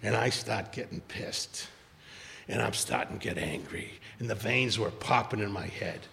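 An older man telling his own story at a recovery meeting, emotional and animated, acting out what people said. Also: fairly low pitch, moderate pace, gravelly, long reverb tail, a little hiss or hum. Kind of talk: personal storytelling talk.

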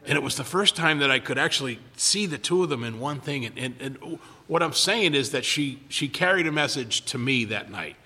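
A man's voice: mid-range voice, lively intonation, fairly quick, few pauses, bright, forceful tone. An older man sharing his recovery story in casual talk. He rambles, stops and restarts a lot, and stammers over his words. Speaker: recovery speaker. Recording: long hall reverb.

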